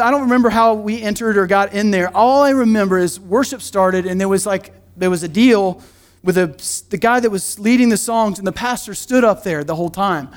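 A middle-aged man, a pastor, preaching a sermon in a church in a conversational, joking way with quick asides. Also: high-pitched. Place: church sanctuary.

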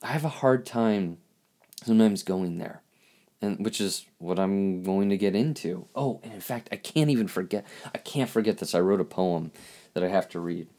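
Man, podcast host, low voice, halting reflective monologue, emotional, restarts often. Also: dark tone. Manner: halting, searching for words, emotional.

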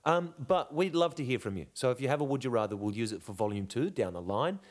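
A man's voice: mid-range voice, lively intonation, quick pace. A man co-hosting a podcast, chatting casually, rambling and thinking aloud as he goes. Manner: rambling, restarts, musing aloud. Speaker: podcast co-host.

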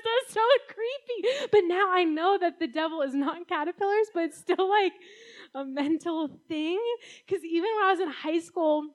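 A young adult woman giving a casual, talk-style sermon as a youth speaker, chatty and full of "like"s, often laughing. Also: extremely high pitch.

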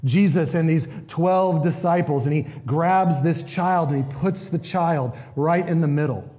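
A man's voice: fairly high pitch, measured pace, dark tone, long reverb tail. A man preaching a sermon as pastor, earnest and emphatic, asking his listeners questions.

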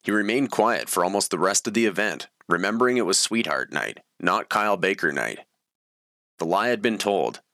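Low bright-toned man reading a story. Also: expressive, normal speed, no room sound, clean studio sound. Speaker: memoir reader. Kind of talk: reading his own story aloud.

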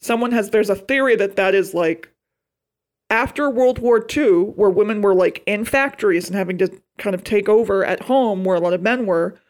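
A woman co-hosting a casual podcast about a film, animated and swearing, with exaggerated disgust. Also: mid-range voice, normal speed. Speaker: podcast co-host.

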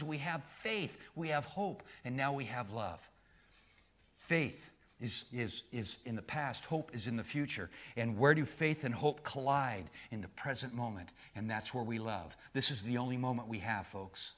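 A middle-aged male pastor delivers a sermon in a mid-pitched voice. He repeats and restarts his words often. His voice climbs to loud, emphatic peaks, then drops to quiet, low asides. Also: normal speed.

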